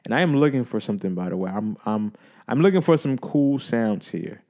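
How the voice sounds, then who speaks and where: Male podcast host, casual sports talk, animated and playful, average pitch. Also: brisk. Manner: animated, hype, playful banter.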